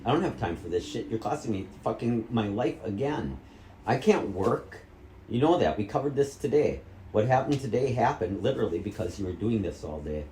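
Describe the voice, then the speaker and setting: Confronting his mother in a heated argument, a middle-aged man from Wisconsin fires repeated questions at her, cursing heavily. His low, warm voice is animated and brisk. The vlog is recorded in an echoey room with a little hiss or hum.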